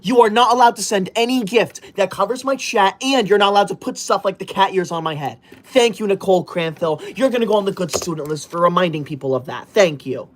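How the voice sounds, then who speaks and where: A man livestreaming in a strict teacher persona, reading viewer comments out loud in a loud, indignant and bossy way. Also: high voice, brisk, few pauses.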